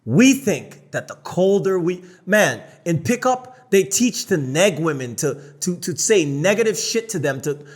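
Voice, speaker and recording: A man's voice: high-pitched, measured pace, few pauses. Blunt, profane North American man. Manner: blunt, profane, animated storytelling. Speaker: podcast co-host. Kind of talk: casual podcast chat.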